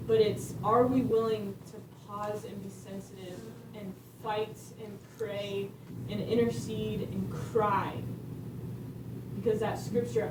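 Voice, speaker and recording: A woman's voice: mid-range voice, fairly even intonation, unhurried. A woman speaker telling a faith testimony at a conference, earnest and storytelling, laughing between lines. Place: conference room. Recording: echoey room, distant mic, background noise.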